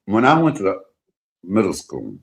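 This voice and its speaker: Lively deep-voiced man telling stories. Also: moderate pace, gravelly. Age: middle-aged. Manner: animated, profane storytelling. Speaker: host. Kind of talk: casual storytelling chat.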